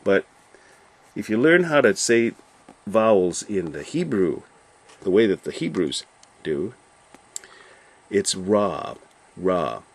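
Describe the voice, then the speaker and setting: A man with a somewhat low voice talks through scripture in a loose, informal way. He rambles and restarts as he thinks aloud, and turns to his viewers directly in a chatty tone. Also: very animated, slow pace, long pauses, husky. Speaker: Bible study host. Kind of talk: informal Bible commentary.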